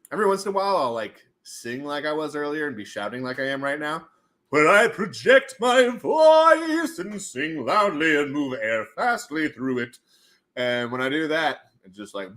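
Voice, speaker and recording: A man hosting a casual livestream at home, running prize wheel spins in a goofy, animated way and slipping into silly voices. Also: medium pitch. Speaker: livestream host running giveaways.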